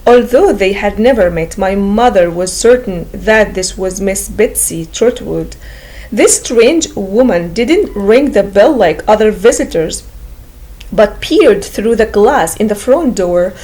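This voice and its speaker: A woman's voice: medium pitch, animated, slow, warm tone, low-quality recording. A woman reading a classic novel aloud as an audiobook narrator, in a careful storybook manner.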